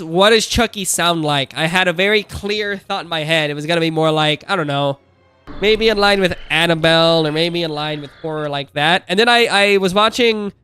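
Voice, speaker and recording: A man's voice: on the high side, bright, forceful tone, clear, resonant tone, no room sound. A man in his thirties chatting casually on a live stream, rambling through asides and laughing often.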